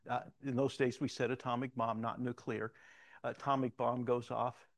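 A man's voice: mid-range voice, flat delivery, moderate pace. An older man giving an informal sermon, telling personal stories in a rambling, conversational way with frequent restarts. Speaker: preacher.

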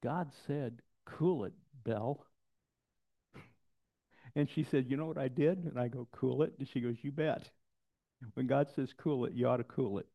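A pastor preaching a sermon, telling stories with lively quoted voices and dropping to soft, intense passages. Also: male voice, medium pitch, moderate pace, long pauses. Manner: storytelling, animated quotes, drops to soft intensity. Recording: dull lo-fi sound.

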